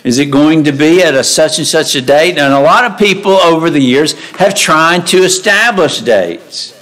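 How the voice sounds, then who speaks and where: A man's voice: on the high side, normal speed, a bit bright, low-quality recording. Man preaching a conversational sermon. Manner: conversational, asks rhetorical questions, reads scripture aloud. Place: church sanctuary.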